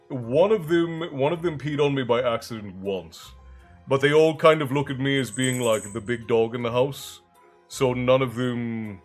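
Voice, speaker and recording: Male streamer, mid-pitched, relaxed chatty delivery; reads viewer messages and thanks people by name, soft music running underneath. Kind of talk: casual live-stream chat.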